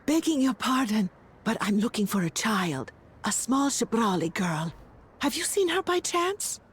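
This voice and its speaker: A woman's voice: on the high side, very animated, a little slow, husky, exaggerated voice. An actress voicing a worried woman in a video game who is searching for a lost child, pleading anxiously.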